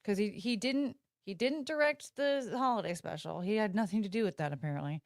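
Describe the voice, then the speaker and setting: Woman, livestream host, rambling chat, mid pitch, dry close sound. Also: a little fast, creaky, dry recording. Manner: rambling, self-interrupting, talks to viewers. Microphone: phone.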